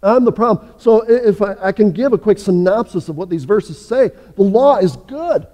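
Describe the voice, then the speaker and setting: A male pastor preaching a sermon earnestly, rising in force and then dropping low and soft. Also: expressive, moderate pace. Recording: long church reverb.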